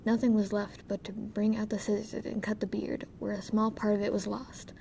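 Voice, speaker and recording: A woman narrating a fairy tale in a steady, measured storytelling voice. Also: medium pitch, creaky, slight background noise.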